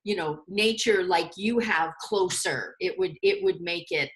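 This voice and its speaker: A woman in a class, chatting in a relaxed way over a video call. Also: lowish voice, measured pace. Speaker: class participant. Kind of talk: casual group video call.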